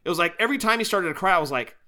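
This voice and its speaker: A man's voice: sits high, lively intonation, racing, sharp tone. A man co-hosting a podcast, chatting casually and enthusiastically about wrestling shows and collectibles. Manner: enthusiastic, chatty, laughs often. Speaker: podcast co-host. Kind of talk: casual chat.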